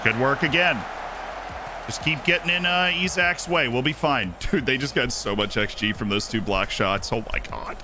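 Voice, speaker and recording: A young man streaming himself playing a football management game, muttering asides and then shouting with delight when his team scores. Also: mid-range voice, normal speed, over music. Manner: excitable, swings from mumbled asides to shouting at goals. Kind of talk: live gameplay commentary.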